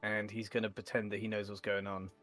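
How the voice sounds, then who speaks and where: A man's voice: fairly low pitch, flat delivery, fairly quick, fairly bright tone, soft background music. A man playing a tabletop game, joking playfully about his character. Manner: playful, jokey. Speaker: player. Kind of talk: playful tabletop role-play.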